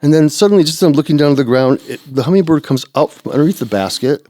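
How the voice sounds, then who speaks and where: A man telling his recovery story in a casual podcast chat, acting out sounds and quotes and jumping into a high, excited voice. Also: fast talker, no echo, studio quality. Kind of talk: animated personal storytelling.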